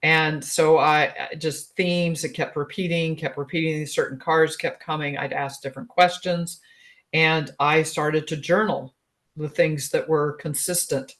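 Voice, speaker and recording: A woman's voice: deep voice, unhurried. Chatty older woman telling her story. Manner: chatty and animated, laughs often, many fillers. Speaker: guest, relationship expert. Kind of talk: casual storytelling in an interview.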